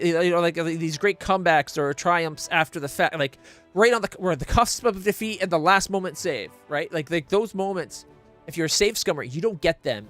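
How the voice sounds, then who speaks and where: A man's voice: a little high, a bit bright. A man streaming a game blind, ranting in exasperated, profane casual commentary into a desk mic.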